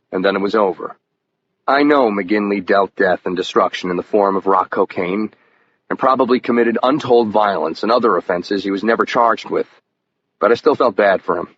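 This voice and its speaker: A man giving scripted first-person audiobook narration in an even, measured storytelling manner. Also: medium pitch. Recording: muffled lo-fi audio with faint hiss.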